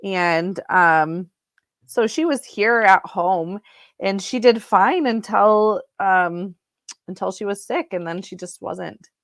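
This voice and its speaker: A woman hosting a casual live sale of crystals from home, chatty and unhurried, with frequent ums. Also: mid-range voice, no room sound, clean studio sound.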